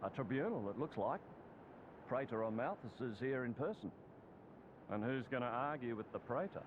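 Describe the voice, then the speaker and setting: An actor voicing a cynical Australian soldier. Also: male voice, mid-range voice, lively intonation, moderate pace, natural voice. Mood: observant. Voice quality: resigned, cynical. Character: weary cynical male soldier. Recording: muffled distant game audio with noise.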